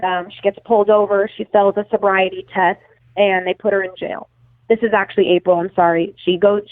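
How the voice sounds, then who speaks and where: A woman's voice: mid-range voice, no room sound. A woman telling a long story as an interview guest, casual and profane, full of fillers and self-corrections. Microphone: phone call. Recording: tinny dry phone line.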